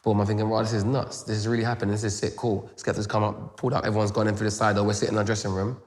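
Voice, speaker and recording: A young man with a London accent, telling a story in a casual interview with rapid, animated retelling full of "boom" and "da da" fillers. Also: big-room sound. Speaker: grime MC, interview guest.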